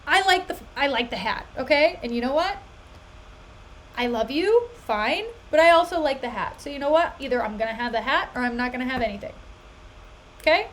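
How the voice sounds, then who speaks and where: A defiant young woman insists on speaking her mind, voiced by a woman reading aloud. The voice sits high and lands each word slowly and firmly. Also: animated, a bit bright, slight background noise, poor audio. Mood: exasperated. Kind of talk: dramatic reading of a play.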